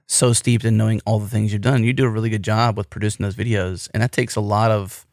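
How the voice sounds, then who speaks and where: Rambling American podcast host, low voice. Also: male voice, steady tone, fast, darkish tone, no room sound, clean studio sound. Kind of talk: casual podcast chat.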